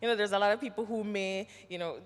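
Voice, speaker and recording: A woman from Jamaica with a Jamaican accent, an actress answering questions at a symposium, telling her story with lively acted-out quotes. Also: mid-range voice, fast talker. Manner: animated storyteller, acts out quoted voices. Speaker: actress and guest speaker. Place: symposium hall. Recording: reverberant hall.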